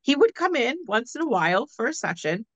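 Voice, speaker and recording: A woman, co-hosting a podcast and telling a story in a casual, animated way, laughing often. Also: a little high, fairly quick, no room sound, highs cut off. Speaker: podcast co-host.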